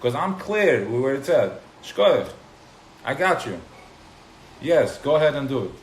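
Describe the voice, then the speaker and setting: A man giving an informal live class to a small group, who gets worked up and loud, then drops into quiet asides. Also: mid-range voice, sing-song, measured pace. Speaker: teacher of a class. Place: room with a small live audience. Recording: roomy live recording with faint noise.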